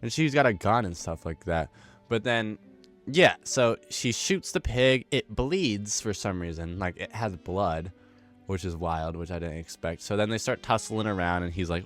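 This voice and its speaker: A man's voice: fairly low pitch, animated, normal speed, faint music behind. A young man giving a casual, rambling, wisecracking recap commentary, full of slang. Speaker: commentary host.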